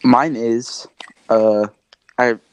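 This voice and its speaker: A young man co-hosting a podcast, playful and teasing, quick to laugh. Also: mid-range voice, steady tone, a little hiss or hum, poor audio. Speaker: podcast co-host. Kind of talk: casual chat.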